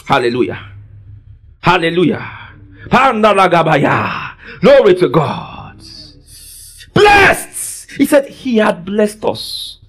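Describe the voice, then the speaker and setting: A man preaching a sermon in a church service. He quizzes the congregation call-and-response style and often bursts into shouts. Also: high-pitched, sing-song, slow pace.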